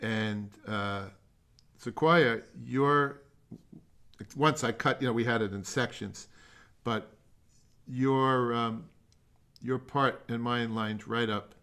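An older man leading a remote music masterclass over a video call, giving feedback in a halting, rambling way with self-deprecating jokes. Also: medium pitch, a bit bright, smooth.

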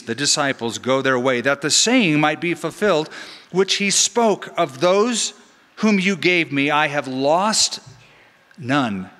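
Bright-voiced preaching man in a reverberant church. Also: on the high side. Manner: animated teaching with joking asides. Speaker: pastor. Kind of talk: sermon. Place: large church sanctuary. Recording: long hall reverb in church.

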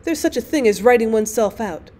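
Woman reading a weary wife, dry, tired defiance, slightly high voice, storybook reading. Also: lively intonation, fast talker, dark tone, lightly acted. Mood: weary defiant. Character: weary, witty young wife worn out by thank-you letters.

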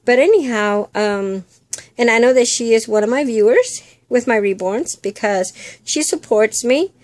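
A woman's voice: unhurried, no room sound. An older woman chatting casually to camera about her hobbies, rambling with lots of fillers. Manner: coos in a high baby-talk voice to her doll. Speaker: vlogger.

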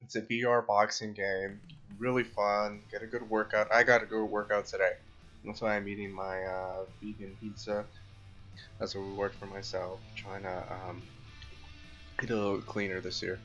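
A man's voice: fairly low pitch, flat delivery, moderate pace, a bit bright, highs cut off, faint music behind. A man casually chatting as he plays a VR boxing game and eats pizza, easygoing and full of fillers. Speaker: gaming vlogger. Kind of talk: casual commentary over VR boxing.

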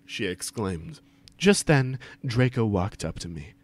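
Man, mock-dramatic read-aloud, wildly swooping pitch, unhurried, desk mic on a call. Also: animated, no room sound. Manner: over-the-top reading, stumbles and swears for laughs. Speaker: reader of a fan fiction for friends.

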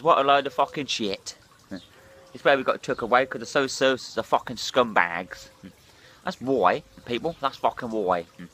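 A man's voice: medium pitch, normal speed, a bit bright, a little hiss or hum. Hungover man ranting sharply. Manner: swearing, blunt, rambling. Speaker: drinking vlogger. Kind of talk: ranting vlog monologue.

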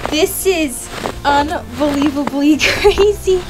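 A woman's voice: high-pitched, slow, over music. A woman vlogging outdoors in the snow on a homestead with a handheld camera, bubbly and exclamatory, laughing often. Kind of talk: casual vlog narration.

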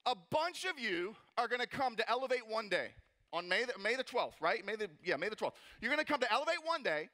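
Brief: male pastor, 30s, lively jokey sermon, high bright voice. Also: brisk. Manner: animated, jokey, acts out mocking voices. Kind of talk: energetic sermon. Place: church auditorium.

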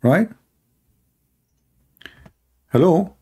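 A man's voice: a little high, expressive, very slow, a little mellow, slightly rough. A man hosting a live call-in stream, mocking and repeating his phrases as he talks to callers and the audience.

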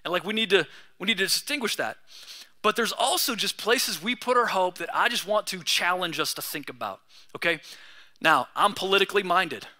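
A man's voice: high-pitched, expressive, moderate pace, bright, forceful tone. A young man preaching a sermon as pastor, in a casual, conversational way with slang.

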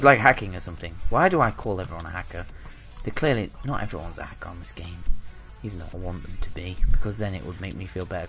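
A young man giving live commentary over his own gameplay, jumping between loud outbursts and muttered asides. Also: sits low. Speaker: gaming channel host.

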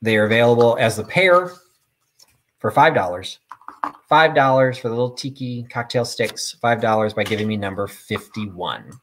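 A man's voice: medium pitch, moderate pace, fairly bright tone, slight background noise. A middle-aged man hosts a live sale in a chatty, rambling, self-deprecating way. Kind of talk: casual live-stream selling.

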